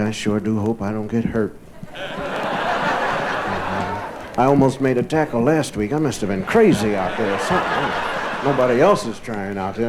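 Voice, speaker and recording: On a vintage vinyl live recording with faint hiss, a medium-pitched stand-up comedian spins a long comic story on stage. He's an animated storyteller who voices both sides of the dialogue, and the live audience laughs along.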